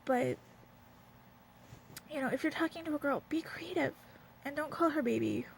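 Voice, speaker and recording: Young Southern woman vlogger, higher voice, blunt and rambling, faint room noise. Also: moderate pace, creaky, poor audio. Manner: rambling and blunt, heavy on fillers. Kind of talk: candid casual rant to camera. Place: at home, wrapped in a blanket.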